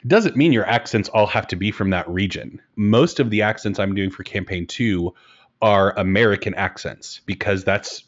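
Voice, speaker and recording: A man talking as a game master in a relaxed podcast conversation, chatty and self-deprecating. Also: on the low side, husky. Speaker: game master and host of a broadcast tabletop game show. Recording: dull lo-fi recording.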